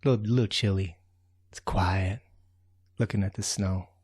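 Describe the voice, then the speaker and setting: A man's voice: low-pitched, fairly even intonation, moderate pace, a little mellow, breathy edge. A man telling a children's story as a kindly old raccoon, in a folksy, rambling way full of "you know.".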